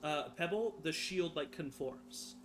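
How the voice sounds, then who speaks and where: A man narrating as game master of a tabletop game, halting and full of fillers and self-corrections. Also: fairly high pitch, a bit bright, slight background noise.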